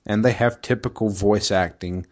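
A man's voice: on the low side, fairly even intonation, moderate pace, darkish tone. A man co-hosting a podcast, casually retelling a video game's story, rambling, swearing freely and laughing often. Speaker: podcast co-host recapping a game.

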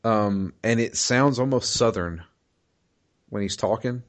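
Slow, deep-voiced man chatting. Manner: halting, many fillers and restarts. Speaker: podcast co-host recapping a video game. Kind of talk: casual chat.

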